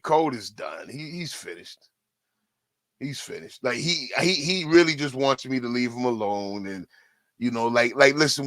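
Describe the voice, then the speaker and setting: A man's voice: fairly high pitch, sharp tone, no room sound. A man giving profane, rambling live-stream commentary, often breaking off to say "listen". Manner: profane, repetitive, keeps saying "listen".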